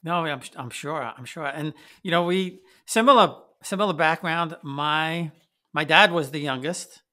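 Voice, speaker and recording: Bright-toned male interviewer, chatty. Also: a little high, unhurried. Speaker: interviewer, host. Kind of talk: conversational interview.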